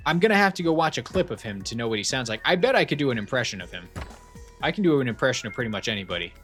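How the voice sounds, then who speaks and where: A man's voice: mid-range voice, big pitch swings, very fast, a bit bright. Man, casual stream chat, rambling and jokey, fillers and restarts, faint game music. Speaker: livestreamer.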